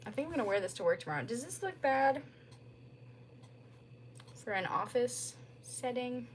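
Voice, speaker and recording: A woman's voice: fairly high pitch, very animated, normal speed, a little hiss or hum. A young woman chatting casually on a livestream from home into a phone, rambling and filling her talk with "like". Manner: rambling, lots of "like" fillers. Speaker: streamer.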